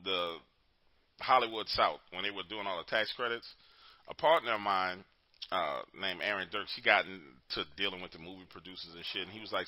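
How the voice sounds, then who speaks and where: A man's voice: deep voice, fairly quick, sharp tone, low-quality recording. A man hosting a call-in show, telling stories in loose, profane casual chat and laughing often. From New Orleans, Louisiana.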